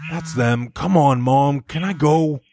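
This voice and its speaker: A man's voice: on the high side, slow, background noise, voice pushed down. A man playing a sulky teenage boy who pleads with his mother in a comedy sketch, with a whiny, begging manner. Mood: pleading. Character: sulky teenage son, a young slasher.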